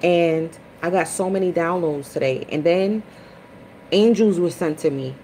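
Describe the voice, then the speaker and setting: A woman hosting a casual spiritual livestream chat, chatty and expressive, greeting viewers by name. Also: a little slow, slight background noise, poor audio. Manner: dramatic swings into high, loud retellings. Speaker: livestream host.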